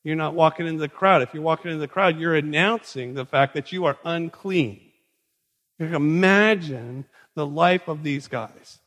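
A male pastor preaching a sermon in a conversational, animated storytelling manner, recorded in a large hall. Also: fairly high pitch, normal speed. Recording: long reverb in a large hall.

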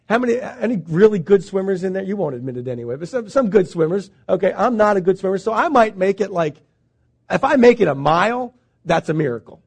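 A man's voice: high-pitched, animated, fast, creaky, husky. A male pastor preaching a conversational sermon, asking the congregation questions as he goes.

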